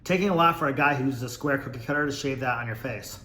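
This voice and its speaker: A man's voice: mid-range voice, quick pace, bright, forceful tone, echoey room. A man hosting a casual podcast, reading viewer comments aloud and mocking them sarcastically, swearing freely. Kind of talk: casual chat.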